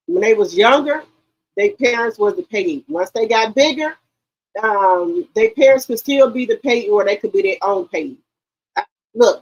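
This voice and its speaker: A woman hosting a live stream, telling stories in an animated, laughing and profane way. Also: a little high, slightly rough, poor audio. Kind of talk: casual chat on a live stream.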